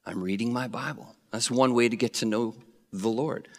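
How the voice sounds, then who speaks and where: A male preacher telling a Bible story with animated flair, acting out the voices. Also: medium pitch, normal speed. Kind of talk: sermon. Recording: long reverb of a hall.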